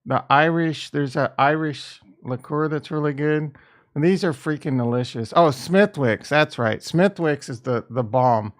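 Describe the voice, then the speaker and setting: Slow, rambling male crypto streamer. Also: fairly high pitch. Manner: rambling, thinking aloud while trading; casual and profane. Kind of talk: casual livestream chat.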